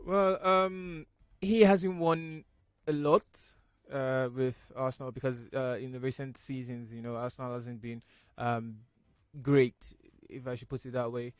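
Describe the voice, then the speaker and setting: A man's voice: mid-range voice, flat delivery, a little slow, clear, resonant tone, no echo. A man on a radio sports panel giving his view with many ums and restarts. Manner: hesitant, lots of ums and restarts. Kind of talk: casual sports talk.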